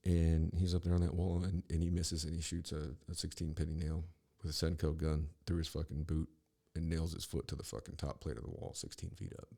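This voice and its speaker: Gravelly deep-voiced man telling stories. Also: flat delivery, a little fast, few pauses, warm tone. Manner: profane, rambling, with frequent restarts. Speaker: podcast host. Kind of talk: casual storytelling monologue.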